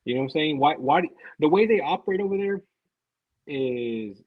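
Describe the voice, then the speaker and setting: Husky man, dull sound. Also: fairly high pitch, animated, normal speed, no echo. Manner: rambling, profane, repeats words. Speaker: podcast guest. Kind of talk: casual podcast chat.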